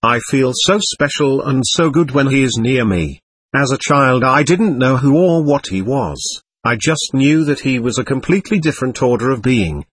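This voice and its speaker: Husky man gently reading a memoir. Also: mid-range voice, expressive, moderate pace, no room sound. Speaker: audiobook narrator. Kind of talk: first-person memoir reading.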